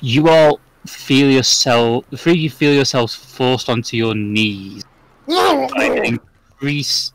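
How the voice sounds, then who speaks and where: A man narrating as the game master of a tabletop game, describing the scene in a measured way. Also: medium pitch, fairly bright tone, no room sound, rough recording.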